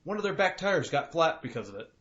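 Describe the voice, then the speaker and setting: A man's voice: a little high, sing-song, quick pace, a crowd in the background. A young man from Colorado co-hosting a podcast, chatting casually with lots of swearing and acting out his car and other drivers. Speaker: podcast co-host. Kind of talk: casual chat. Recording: dull lo-fi podcast audio.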